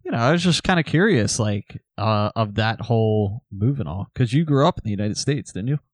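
A man's voice: on the low side, animated, fairly quick, no room sound. A man co-hosting a podcast in casual chat, rambling and restarting his sentences. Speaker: podcast co-host.

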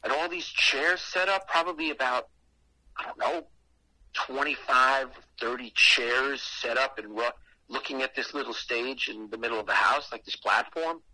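A man's voice: mid-range voice, normal speed, bright, forceful tone, no echo, rough recording. A man telling a story casually and animatedly, with lots of swearing.

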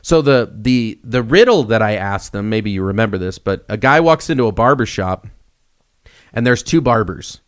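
A young man co-hosting a casual podcast, telling stories with lively swings and acting out the voices in them. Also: fairly low pitch, moderate pace, clear, resonant tone. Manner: animated storyteller, acts out quoted voices. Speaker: podcast co-host.

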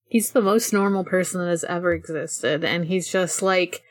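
A woman's voice: fairly low pitch, no room sound. Female podcast co-host, chatty rambling recap, dry close mic. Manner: rambling, many fillers and restarts, quick bursts. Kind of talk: casual chat recapping a cartoon episode.

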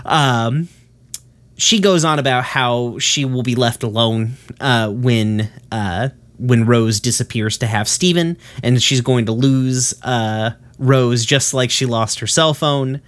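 A man's voice: mid-range voice, takes it slowly, fairly bright tone. Guy rambling through a cartoon recap, lots of ums, swears a bit, mid voice. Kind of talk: casual episode recap.

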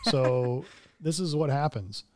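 Animated man ranting in casual chat. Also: medium pitch, takes it slowly, a little hiss or hum. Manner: animated, stubborn, joking rants. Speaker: podcast co-host.

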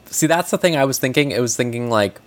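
A man hosting a podcast in casual chat, relaxed and full of fillers. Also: medium pitch, quick pace. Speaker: podcast host.

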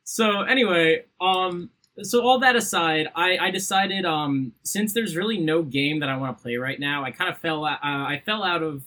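A man's voice: on the high side, normal speed, bright, forceful tone. A man co-hosting a podcast, joking crudely and laughing often in casual chat. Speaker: podcast co-host.

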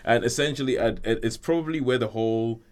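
A man's voice: medium pitch, fast. A man hosting a casual film podcast, rambling with many fillers and a loose structure. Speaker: podcast host.

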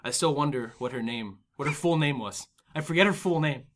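Chatting casually on his podcast, a twenty-something host wanders from story to story, packing in filler words and jumping into comic impressions. His animated voice is a little high and brisk.

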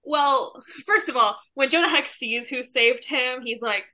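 A woman's voice: sits high, unhurried, bright, forceful tone. A woman co-hosting a casual fan podcast, playfully recapping scenes. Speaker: podcast co-host.

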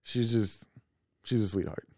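A man co-hosting a podcast from home, telling personal family stories in a casual, animated way. He laughs often and acts out the voices of the people in his stories. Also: lowish voice, a little slow, no room sound, clean studio sound. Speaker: podcast co-host.

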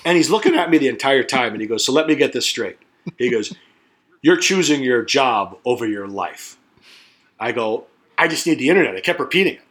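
A man's voice: mid-range voice, animated, fast talker, fairly bright tone. Foul-mouthed man telling a rambling story. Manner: profane, rambling, acts out quoted voices. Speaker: podcast co-host. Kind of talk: casual storytelling chat.

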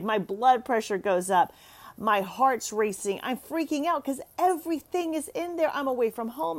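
A woman of medium pitch hosts a program aimed at mothers, speaking straight to the camera and relating a story with lots of expression and frequent laughter.

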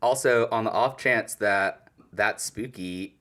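Very deep-voiced playful male podcaster. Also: takes it slowly. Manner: playful, teasing, animated when retelling. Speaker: podcast co-host. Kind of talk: casual chat.

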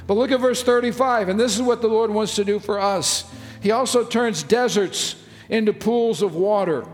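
A man's voice: sits high, moderate pace, faint music behind. A man preaching a sermon as pastor, reading scripture and stretching key phrases for emphasis. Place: church sanctuary. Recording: long reverb of a church hall.

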